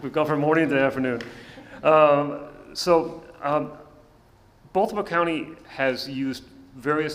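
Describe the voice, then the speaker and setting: A man, a professor, giving testimony at a public hearing in a relaxed manner with fillers. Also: mid-range voice, creaky. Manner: relaxed, with fillers and light laughter. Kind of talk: informal public talk. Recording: hall reverb with faint noise.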